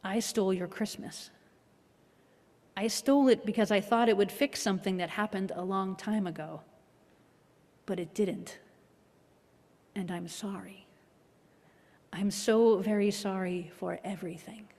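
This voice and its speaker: Woman doing a grumpy green creature saying sorry, quiet and half whispered, hall echo. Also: medium pitch, moderate pace, long pauses, natural voice. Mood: remorseful. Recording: long hall reverb.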